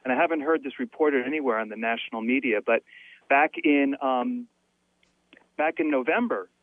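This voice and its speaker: A man's voice: mid-range voice, moderate pace, dry recording. Hesitant male caller on a phone line. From North Carolina. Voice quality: hesitant, many fillers. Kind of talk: phone-in radio call.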